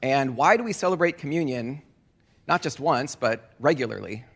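A man leading communion as a pastor, speaking earnestly and deliberately, repeating key phrases for emphasis. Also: mid-range voice, animated, gravelly, a bit bright. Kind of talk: communion sermon. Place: church sanctuary. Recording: long church reverb.

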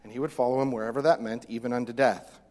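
A man preaching a sermon as pastor, animated, acting out voices from the text. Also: medium pitch, fast talker. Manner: animated, acts out the disciples' lines. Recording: long reverb of a hall.

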